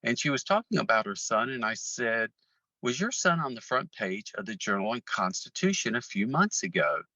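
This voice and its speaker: A man with a bright, forceful voice tells a long personal story in casual conversation. He rambles, stopping and restarting with lots of ums. The sound is dull and a little muffled, as if recorded on lo-fi gear. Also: medium pitch, very animated, normal speed, no room sound. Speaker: interview guest.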